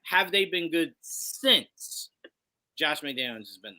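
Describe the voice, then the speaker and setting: A man's voice: a little high, lively intonation, slow, bright, forceful tone. A man co-hosting a casual live sports chat, making his case emphatically and answering his own rhetorical questions. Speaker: podcast co-host.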